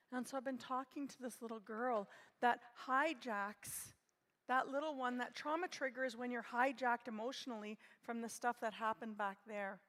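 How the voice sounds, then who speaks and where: Woman, 60s, gentle reflective speaker; high-ish voice, reverberant hall. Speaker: conference speaker. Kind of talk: personal talk at a conference.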